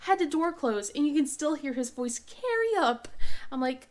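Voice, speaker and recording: Casting note: congested woman host, rambling chat, slightly high voice, many fillers. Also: big pitch swings, moderate pace, a little mellow. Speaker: craft channel host. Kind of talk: casual chat while crafting.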